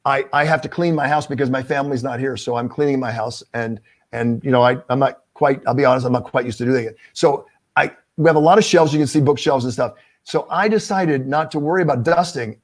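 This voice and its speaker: A man who works as a TV news anchor, speaking as a guest on a video call and telling lively anecdotes. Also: medium pitch, brisk. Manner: animated storyteller, acts out dialogue. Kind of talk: casual video-call interview.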